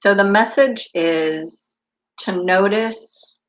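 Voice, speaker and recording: A woman's voice: medium pitch, takes it slowly, poor audio. A woman in her fifties from the United States, hosting a live stream as an intuitive coach, talking casually with viewers and wandering off on spiritual tangents. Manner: chatty, tangent-prone, spiritual.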